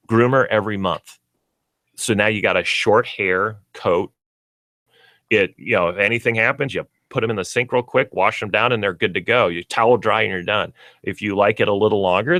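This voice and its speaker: Chatty low-voiced Midwestern man. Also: fairly bright tone, no room sound. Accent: Midwestern American. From Minnesota, US Midwest. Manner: chatty, explanatory. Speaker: pet store owner, radio show guest. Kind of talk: casual radio chat.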